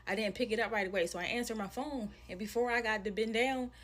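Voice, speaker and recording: A woman telling a personal story in an animated, slangy, casual way. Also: on the high side, fast talker. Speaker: storyteller in a viral video.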